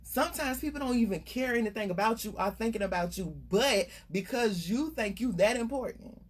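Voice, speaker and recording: A woman's voice: a little high, a little fast, husky. A middle-aged woman coach giving casual, emphatic motivational talk about staying unbothered. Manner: earnest, conversational, emphatic. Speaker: life coach.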